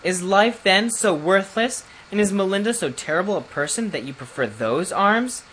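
A gentle, good-hearted young storybook lady, pleading slowly in a lifted, softened voice, as a man reading aloud puts her on. Her voice sits well above the reader's own, with a faint hiss of background noise. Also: sits high, expressive, voice pushed up, low-quality recording. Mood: hurt.

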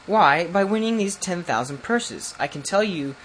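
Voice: mid-range voice, expressive, normal speed, a little hiss or hum, voice pushed up, lightly acted, poor audio. A reader voicing a cheerful, cool-headed young prince who talks lightly and confidently in a storybook reading. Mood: breezy.

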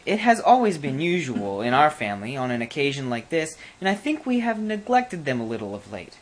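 A storyteller voicing a timid, polite fairy-tale king who speaks gently and tries to placate. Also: medium pitch, sing-song, a little fast, poor audio. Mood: mild, coaxing. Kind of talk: storybook reading.

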